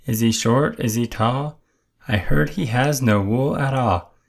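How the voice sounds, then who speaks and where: Nosy sheep, read by a man: questioning, slow, gravelly. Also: mid-range voice. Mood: curious. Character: gossipy questioning farm sheep.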